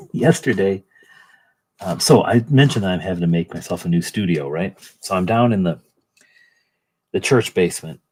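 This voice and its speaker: A middle-aged man hosts a relaxed livestream, rambling along as he paints and greets his viewers by name. His voice is low and somewhat husky. He talks in a loose, chatty way. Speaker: livestream host painting miniatures. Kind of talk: casual livestream chat.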